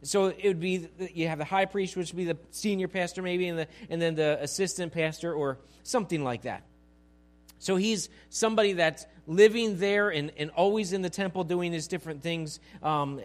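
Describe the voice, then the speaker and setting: A man, a pastor, teaching a Bible passage in a relaxed conversational way, asking his listeners questions and acting out the scenes. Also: a little high, normal speed. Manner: conversational, acts out scenes with asides.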